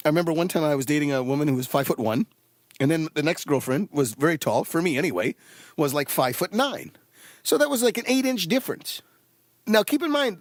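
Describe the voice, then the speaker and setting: A man's voice: high-pitched, dry recording, clean studio sound. A man doing stand-up comedy with a rambling, meandering delivery full of fillers and his own laughs.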